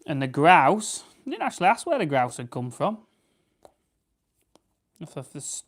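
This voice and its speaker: His voice sits fairly high and moves in a sing-song way, at normal speed with frequent pauses. The young livestream host, with a South Yorkshire accent from England, chats and rambles while plucking grouse, reading viewer comments aloud and answering them.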